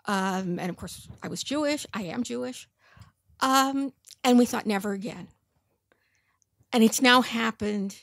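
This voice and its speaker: A woman in her seventies, an audience member at a book talk, asking a question thoughtfully with hesitant pauses. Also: on the high side, gravelly, no echo, studio quality. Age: 70s. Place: bookstore event room.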